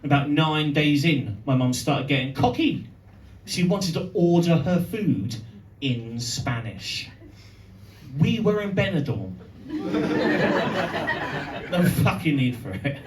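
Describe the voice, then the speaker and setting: A man, doing a cheeky, punchy live stand-up set with dramatic pauses. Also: on the high side, expressive, distant mic. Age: 30s. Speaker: stand-up comedian. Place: pub venue stage. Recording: roomy live room with crowd noise.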